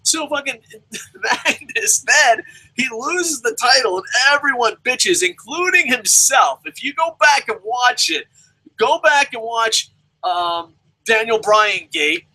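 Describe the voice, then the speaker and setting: A man's voice: very high voice, takes it slowly, sharp tone, low-quality recording. A young adult man ranting through a profane wrestling review, swearing nonstop and mocking the people he talks about. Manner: swears constantly, rants, mimics people mockingly.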